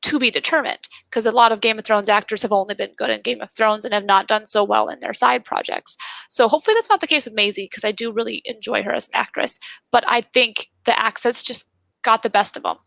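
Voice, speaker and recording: A woman who is a podcast guest, giving her quick, opinionated take on movies in casual chat. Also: a little high, vocal fry, fairly bright tone, dry recording.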